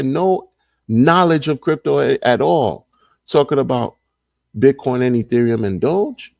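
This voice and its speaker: A man with a gravelly, creaky voice hosts a casual livestream, pitch sitting right in the middle. He talks emphatically and loops back on his points again and again, full of slang. The sound is dry and close. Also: sing-song, a little slow, darkish tone, no echo. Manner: emphatic, repeats phrases, slangy. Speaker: crypto livestream host.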